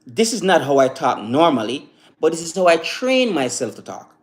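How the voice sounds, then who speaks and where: A man hosting a live stream, giving a casual motivational talk that rambles and repeats, full of "you know" fillers. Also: on the high side. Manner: recites slow calm affirmations.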